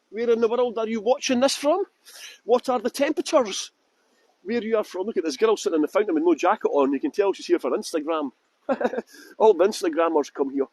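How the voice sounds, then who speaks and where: A man's voice: very high voice, dry recording. A man with a Scottish accent hosting a live walking tour outdoors by a fountain, chatting casually and making flippant jokes. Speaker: tour guide. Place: outdoors by a fountain in a windy city square.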